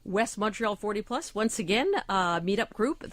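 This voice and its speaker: Cheerful female co-host, mid pitch, dry studio mic. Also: animated, moderate pace, few pauses, dry recording. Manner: cheerful, reads event listings. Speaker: guest co-host. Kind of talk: casual radio chat. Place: radio studio.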